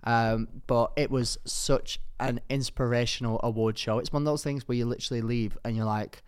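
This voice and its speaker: A man's voice: mid-range voice, fairly even intonation, moderate pace, smooth. A young man co-hosting a podcast, telling jokey, rambling stories in casual chat and jumping between topics. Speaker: podcast co-host.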